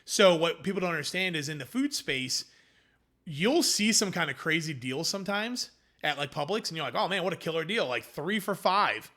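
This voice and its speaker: A man's voice: on the high side, normal speed. A man, a food company founder, telling his story in a casual interview and acting out quoted conversations. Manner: animated, acts out quoted dialogue.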